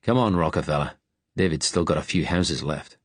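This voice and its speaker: A man's voice: rumbling low, normal speed, breathy edge, dry recording. A man voicing a blunt, joking working-class Scottish man with a Scottish accent in an audiobook. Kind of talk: audiobook character voice.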